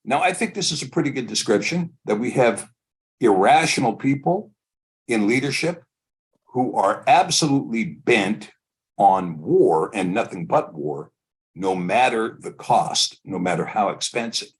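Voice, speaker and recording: A man hosting a live online show, giving discursive, opinionated commentary and building his points slowly. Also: mid-range voice, expressive, husky. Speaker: host.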